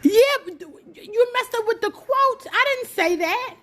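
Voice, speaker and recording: A woman's voice: very high-pitched, lively intonation, measured pace, fairly bright tone. A woman bantering with her son on her podcast, exclaiming and playfully scolding him. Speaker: podcast host and mother.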